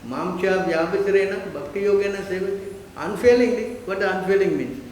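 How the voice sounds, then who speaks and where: A man giving a lively spiritual lecture, full of rhetorical questions. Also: sits high, a little fast. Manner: animated, rhetorical questions, mimics listeners. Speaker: spiritual teacher. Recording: echoey hall, faint noise.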